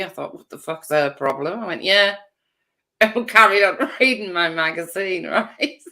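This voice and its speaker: Give me a wry, blunt woman chatting, bright and animated. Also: fairly low pitch, unhurried. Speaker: mother telling stories. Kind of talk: casual chat.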